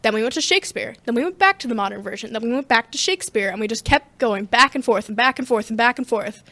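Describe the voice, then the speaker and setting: A teenage girl, a student theater member, chatting as an interview guest in a rambling, slangy, animated way. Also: a little high, fast, dry recording. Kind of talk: casual interview chat.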